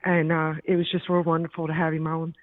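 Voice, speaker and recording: A woman's voice: deep voice, completely flat delivery, no echo. Earnest woman on a tinny phone line. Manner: earnest, halting, polite. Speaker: call-in listener. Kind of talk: phone call to a radio show.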